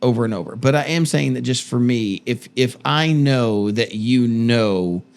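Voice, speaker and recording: Middle-aged man, pastor, casual couple's podcast, animated, restarts a lot. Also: mid-range voice, a little slow. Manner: animated storytelling, playful self-interrupting. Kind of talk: casual marital chat.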